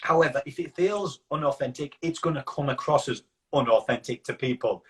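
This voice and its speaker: A man's voice: fairly high pitch, a little fast, a bit bright. Rambling Yorkshire man telling stories. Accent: Yorkshire English. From Yorkshire, England. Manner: rambling, anecdotal, quotes himself and others. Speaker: interview guest. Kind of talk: casual interview storytelling.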